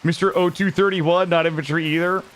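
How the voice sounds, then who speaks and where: A man streaming a game live, talking casually to his chat in an excitable, slangy way and swearing freely. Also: fairly high pitch, a little fast, slight background noise.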